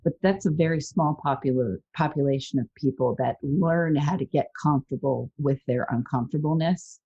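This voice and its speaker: A woman hosting a podcast in casual chat, earnest and animated, sometimes acting out what other people say. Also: low-pitched, normal speed, breathy edge. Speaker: podcast host. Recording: dull lo-fi sound.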